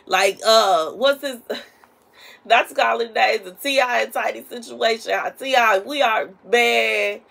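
A woman's voice: on the high side, takes it slowly, vocal fry, fairly bright tone. Chatty, rambling woman giving a prophetic message. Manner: rambling and conversational, with frequent asides. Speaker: prophetic minister. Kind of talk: casual spoken prophetic message.

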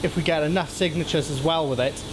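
Eager guy rattling along quick, highish voice, music playing. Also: steady tone, noisy background. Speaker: interviewee. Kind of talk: on-the-spot interview.

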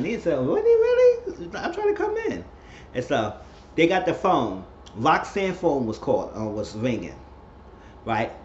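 A man's voice: medium pitch, highs cut off, slight background noise. A man chatting casually through a TV show recap, retelling the plot with plenty of fillers.

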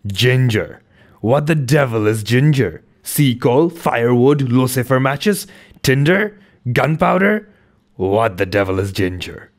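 A man's voice: mid-range voice, animated, unhurried, pitched above the performer's own voice. A man reading aloud voices a blustering, mocking sailor mate with rising outbursts, as in a storybook.

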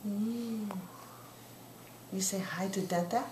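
An older grandmother talking baby talk in a sing-song, coaxing way, now and then dropping to soft whispers. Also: on the low side, lively intonation, takes it slowly, pauses often. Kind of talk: baby talk while feeding a child. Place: home, indoors. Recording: echoey home room with background noise.

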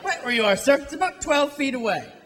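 A man's voice: extremely high pitch, lively intonation, a little fast, in a large hall, a little hiss or hum. A male stand-up comedian making sardonic, mocking observations on stage. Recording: live club, loud crowd laughter.

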